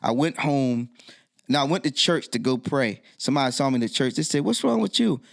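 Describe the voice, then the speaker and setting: A man's voice: mid-range voice, a little fast. A middle-aged man, a DJ and podcast guest, telling a story in casual interview talk and acting out the dialogue in it. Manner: animated storyteller who acts out quoted dialogue.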